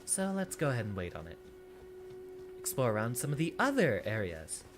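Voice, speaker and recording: A man from Texas streaming a video game in a put-on teacher persona voice, thinking aloud in relaxed, chatty commentary. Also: medium pitch, moderate pace. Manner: performs a put-on teacher persona voice rather than his real one. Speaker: VTuber streamer. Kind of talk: casual gameplay commentary. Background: game music.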